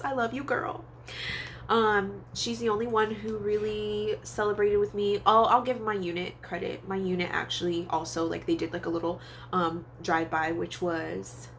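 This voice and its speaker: A young woman vlogging a candid storytime, chatty with lots of fillers, nose a little stuffy from allergies. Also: slight background noise. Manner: chatty and candid, many fillers, acts out quoted voices in a high pitch. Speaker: psychic tarot reader and vlogger. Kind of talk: casual storytime monologue. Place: Hawaii.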